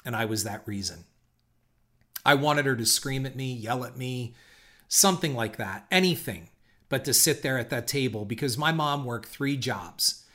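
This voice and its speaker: A middle-aged man tells a story from his own life on his podcast, candid and reflective. He curses now and then. His voice is bright and forward, with a pitch that sits in the middle. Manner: candid, reflective, occasional swearing. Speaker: podcast host. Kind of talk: personal storytelling monologue.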